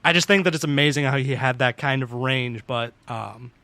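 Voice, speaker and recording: A man's voice: medium pitch, normal speed, bright, forceful tone, dry recording. A young man co-hosting a podcast, chatting eagerly about video games with lots of swearing. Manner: enthusiastic gamer talk, heavy swearing. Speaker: podcast co-host. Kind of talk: casual chat.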